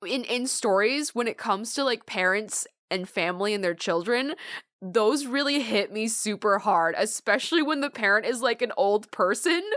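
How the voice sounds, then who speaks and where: A woman's voice: a little high, normal speed, a bit bright, dry recording, clean studio sound. A young woman hosting a let's play, talking casually and effusively with lots of fillers, emotional about the story. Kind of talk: casual video game commentary.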